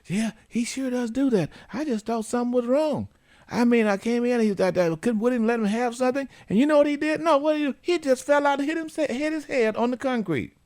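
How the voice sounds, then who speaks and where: A man mimicking a worried, flustered young mother in a high, pleading, excitable voice. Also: brisk.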